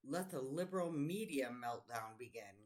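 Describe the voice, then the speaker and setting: A woman's voice: very deep voice, animated, normal speed. A woman commentating on clips in a blunt, sarcastic way. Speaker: reaction commentator. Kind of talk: reaction video commentary.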